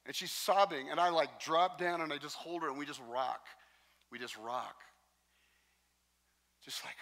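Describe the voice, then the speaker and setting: A man preaching a sermon as pastor, telling stories in a lively, joking way. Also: on the high side, moderate pace. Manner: animated, jokey storytelling. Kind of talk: sermon with storytelling. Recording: long reverb in a large hall.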